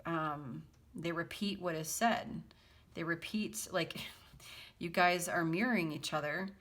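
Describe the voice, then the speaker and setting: A woman's voice: lowish voice, slow, fairly bright tone. Giggly, chatty woman reading tarot. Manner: giggly, chatty, breaks into laughter often; reads song lyrics aloud in a half-sung lilt. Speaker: tarot reader. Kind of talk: casual tarot reading to viewers.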